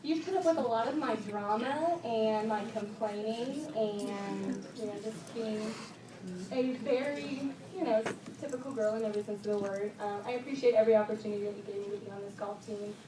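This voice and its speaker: Teen girl, bubbly rambling speech, distant, loud room noise behind. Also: fairly high pitch, fairly quick. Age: teens. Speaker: high school golfer giving a banquet speech. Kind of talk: heartfelt thank-you speech. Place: banquet room. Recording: echoey room from far off with loud ambience.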